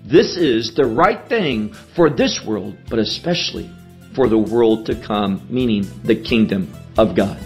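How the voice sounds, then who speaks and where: A man's voice: on the low side, animated, darkish tone, faint music behind. A man in his sixties giving an earnest, emphatic Bible teaching for a radio broadcast. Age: 60s. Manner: slow, earnest, emphatic exhortation.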